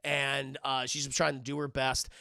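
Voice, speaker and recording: Excitable, gravelly male film reviewer. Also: medium pitch, a little slow, no room sound, studio quality. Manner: profane, excitable storyteller. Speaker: film reviewer streaming to chat. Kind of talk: casual spoiler review.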